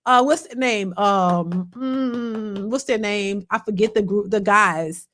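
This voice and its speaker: A woman hosting a casual live stream, telling a funny story in an animated, colloquial way and answering chat comments. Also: mid-range voice, slow pace. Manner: animated, laughing, colloquial, swings from loud to hushed.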